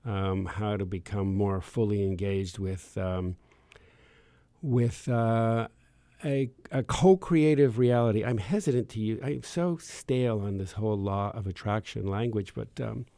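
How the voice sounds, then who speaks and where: A man's voice: lowish voice, unhurried, dark tone, no echo. A man hosting a radio talk show from the studio, enthusiastic and meandering as he searches for words. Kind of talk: casual talk show chat.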